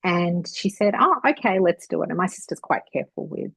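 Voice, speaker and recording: A psychic medium guest, a woman, chatting and telling a rambling story with animated retellings. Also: fairly low pitch, fairly quick, vocal fry, slightly rough, no room sound, poor audio. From Australia. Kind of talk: casual storytelling chat.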